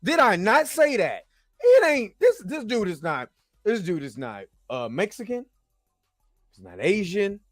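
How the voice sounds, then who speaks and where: Fields: Sex: man. Pitch: very high. Style: animated rant. Mic: dry, close. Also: measured pace, no echo. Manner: animated, repeats himself, swears. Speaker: show host. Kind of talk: ranting pop-culture commentary.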